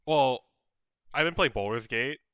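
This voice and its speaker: Bright, crisp young man, dry close mic. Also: mid-range voice, a little slow, no echo. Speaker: podcast co-host. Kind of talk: casual gaming chat.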